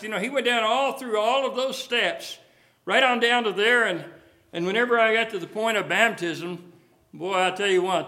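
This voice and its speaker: A man's voice: high-pitched, sharp tone. A man preaching a sermon in a folksy storytelling way, with many restarts and repeated phrases.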